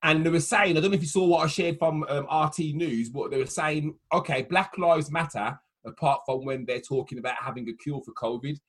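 Husky-voiced man, rambling. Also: fairly high pitch, quick pace, hardly any pauses. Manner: relaxed, rambling, hesitant with fillers. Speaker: podcast co-host. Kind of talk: casual chat.

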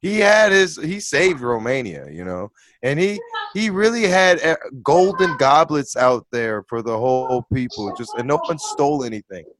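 A man's voice: mid-range voice, expressive, moderate pace, a bit bright, no echo. A man in casual group chat, rambling and restarting his sentences. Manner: rambling, many restarts and "I'm just saying".

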